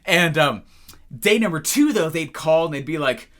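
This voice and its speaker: A man's voice: a little high, moderate pace. A young man coaching on business, telling stories and acting out the phone calls as he goes. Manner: animated storyteller who acts out phone calls. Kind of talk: energetic talking-head lesson.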